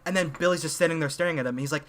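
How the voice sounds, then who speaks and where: A young man on a podcast, excitedly retelling a movie plot in casual chat, full of fillers and restarts. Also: on the high side, rapid-fire. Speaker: podcast co-host.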